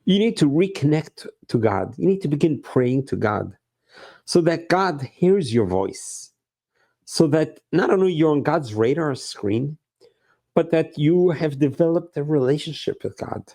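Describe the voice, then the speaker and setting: A man's voice: on the high side, expressive, unhurried, mellow. A middle-aged man preaching as a rabbi, earnest and emphatic, repeating his phrases. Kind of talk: sermon.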